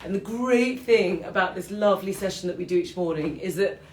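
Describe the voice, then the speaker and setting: A British woman with a mid-range voice hosts a live-streamed morning qigong class from a room at home, her dogs nearby. She talks fairly quickly and casually, pokes fun at herself and often laughs, and the room sounds roomy.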